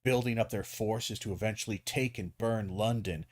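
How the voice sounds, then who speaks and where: A man's voice: on the low side, normal speed. A man giving casual, rambling video commentary, full of ums, restarts and the odd swear word.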